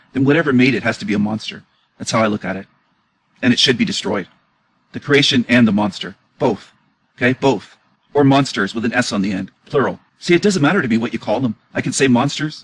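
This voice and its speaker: A man's voice: medium pitch, breathy edge, rough recording. A man giving an indignant, emotional reaction commentary on clips, repeating his questions as he argues.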